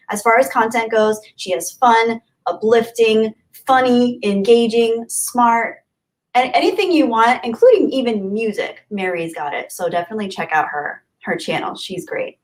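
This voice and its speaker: A woman hosting a live stream, chatting casually and greeting viewers from the chat with gushing, friendly thanks. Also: medium pitch. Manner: warm, gushing, chatty with frequent laughs. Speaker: livestream host. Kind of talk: casual livestream chat reading.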